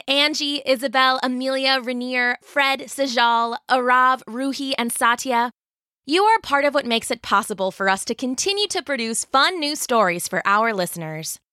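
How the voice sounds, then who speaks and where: A woman's voice: sits high, bright, forceful tone, dry recording. A woman hosting a kids' story podcast, reading a scripted intro in a cheerful, upbeat way on a close studio mic. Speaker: podcast host.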